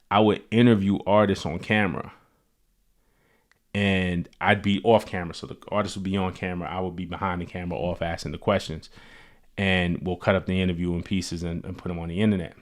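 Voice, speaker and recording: Deep-voiced man telling stories casually. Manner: relaxed, lots of "like" and "you know". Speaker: host. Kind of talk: casual storytelling.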